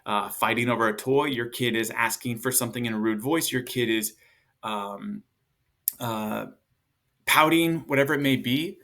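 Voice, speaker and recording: Chatty man giving parenting advice. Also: a bit bright. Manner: loose and chatty, acts out parent and kid lines in a higher voice. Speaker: parenting coach. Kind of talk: casual advice talk to camera.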